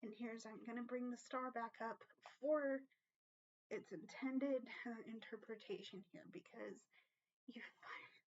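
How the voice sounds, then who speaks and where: A woman's voice: on the high side, unhurried, muffled recording. A woman giving a casual tarot reading to her viewers, earnest and emotional, often checking in with "okay?" and swearing casually. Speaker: tarot reader.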